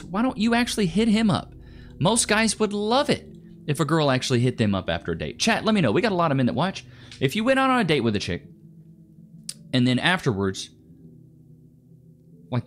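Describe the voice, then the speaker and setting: A man hosting a casual reaction commentary, talking bluntly and animatedly in slangy, conversational speech. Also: a little high. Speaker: host reacting to clips.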